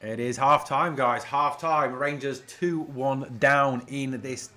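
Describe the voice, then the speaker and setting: Speaking slowly in a mid-range voice, a male host runs a fan watch-along stream, reading out comments from viewers and offering laid-back live commentary. He becomes excitable when his team goes on the attack.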